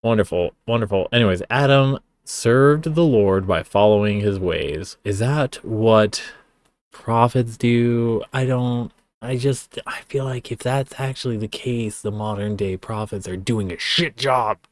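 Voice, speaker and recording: A young male streamer reacts to a song with casual commentary that is sarcastic, profane, and full of rambling asides. His mid-range voice is unhurried, and there's no room sound.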